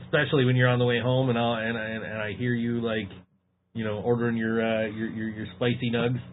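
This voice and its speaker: A man's voice: mid-range voice, little pitch movement, fairly quick. A man from Western New York co-hosting a casual podcast, teasing his friend and laughing often. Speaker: podcast co-host. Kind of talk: casual banter. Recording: phone-like audio with faint noise.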